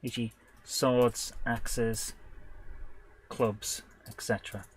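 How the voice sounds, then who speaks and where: Slow, halting man thinking aloud. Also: medium pitch, breathy edge. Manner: hesitant, halting, full of restarts and self-corrections; bursts of excitement when an idea lands. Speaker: game designer streaming live. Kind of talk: thinking aloud while working.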